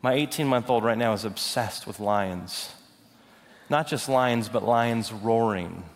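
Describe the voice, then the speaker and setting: A young adult man preaching a sermon, swinging from loud, rising declarations to hushed, slow intensity. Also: lowish voice. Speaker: pastor. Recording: long hall reverb.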